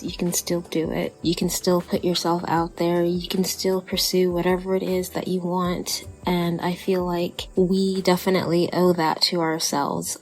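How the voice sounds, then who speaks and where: A young woman with a Texan accent, talking casually and encouragingly on a podcast, chatty and earnest. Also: fairly low pitch. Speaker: podcast co-host.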